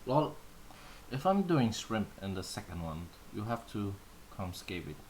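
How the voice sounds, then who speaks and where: A very animated Danish man, native in Danish, talks at a moderate pace in a lowish voice while hosting a casual stream and replying to viewers. Playful and filler-heavy, he comes through with a little hiss or hum.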